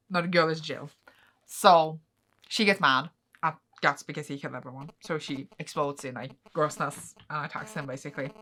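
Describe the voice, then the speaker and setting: A woman's voice: sits low, bright, forceful tone. A young woman casually recapping manga chapters at home on her vlog, rambling with lots of fillers. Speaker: manga reading vlogger.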